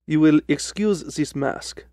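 A man's voice: on the high side, takes it slowly, no echo, studio quality. A man voicing a proud and agitated male king in a radio drama, speaking in a formal, commanding way. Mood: grave. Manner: formal, commanding, louder than the narration.

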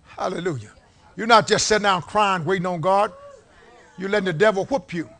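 A man preaching a sermon in a church, leading call-and-response and swinging from low talk to shouted peaks. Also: a little fast. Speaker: pastor. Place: church sanctuary before a congregation. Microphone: live-streamed service mic.

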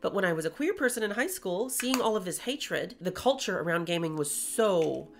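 A woman's voice: lowish voice, expressive, normal speed, vocal fry. A woman in her twenties chatting candidly to camera while doing her makeup, with playful asides. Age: 20s. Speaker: YouTuber and streamer. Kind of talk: casual vlog chat while doing makeup.

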